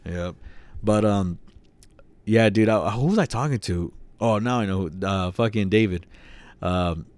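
A man's voice: lowish voice, measured pace, darkish tone, dry recording. A young man co-hosting a casual chat, rambling and laughing easily, peppering his talk with "dude" and "man". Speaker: podcast co-host.

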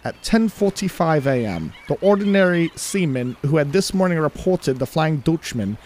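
A man's voice: a little high, animated, a little mellow, slight background noise, close to an everyday voice. A man putting on a clumsy British accent for an old sea log. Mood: solemn reading. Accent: attempted British. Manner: slow, deliberate reading.

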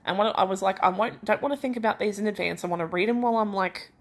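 A woman's voice: mid-range voice, quick pace. A young Australian woman hosting her own podcast in casual solo chat, feverish, rambling and self-deprecating with many restarts. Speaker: podcast host.

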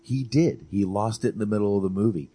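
A man co-hosting a casual movie chat, animated, swearing and repeating himself for emphasis. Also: fairly low pitch, fast, breathy edge, no echo. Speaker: podcast co-host.

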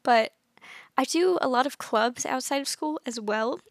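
A woman's voice: high voice, measured pace, dry recording, studio quality. A young woman hosting her own podcast, chatting casually and self-consciously, acting out small dialogues as she talks. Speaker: podcast host. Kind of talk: casual solo podcast chat.

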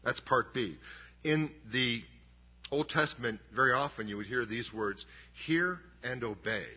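A man's voice: medium pitch, unhurried, bright, forceful tone, husky. A middle-aged man preaching a sermon as pastor, conversational and emphatic, with self-deprecating humor.

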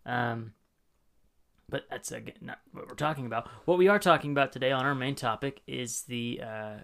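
A man's voice: mid-range voice, normal speed, creaky, a bit bright. A man co-hosting a podcast, chatting casually and enthusiastically, joking and laughing easily. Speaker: podcast co-host. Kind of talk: casual fan podcast chat.

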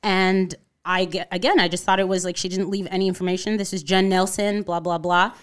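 With a fairly low voice and a slightly fast pace, this thirtysomething Connecticut woman tells her story as a guest on a casual podcast interview, over slight background noise. She's an animated storyteller who acts out quotes and sprinkles in plenty of "you know" and "like."

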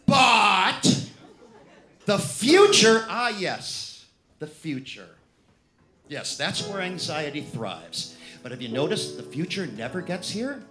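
A man's voice: a little high, very animated, measured pace. A man performing a wry, reassuring spoken-word comedy piece on a live club stage. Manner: reassuring, wry, sing-song. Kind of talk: rhythmic spoken-word comedy over music. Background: live instrumental music.

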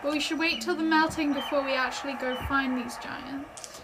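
A woman's voice: high voice, fairly even intonation, moderate pace, background noise. A woman chatting casually as a player in a tabletop game, thinking out her plans aloud.

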